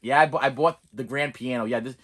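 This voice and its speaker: A man's voice: mid-range voice, fast talker, a bit bright. A middle-aged man reviewing cheap movie discs in a casual, rambling way, stammering and restarting often and cracking jokes. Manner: jokey, breaks into off-key singing and impressions.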